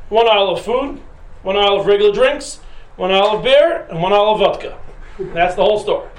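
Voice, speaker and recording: A man's voice: sits high, brisk. A man teaching a class who tells a personal story in a casual, humorous, chatty way with fillers. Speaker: Torah teacher. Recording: roomy echoing room with faint noise.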